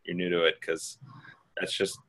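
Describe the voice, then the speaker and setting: Really low-voiced guy on a video call, blunt and direct, talking through advice. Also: flat delivery, normal speed, fairly bright tone, slight background noise, poor audio. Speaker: host answering questions. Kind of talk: casual advice on a group call.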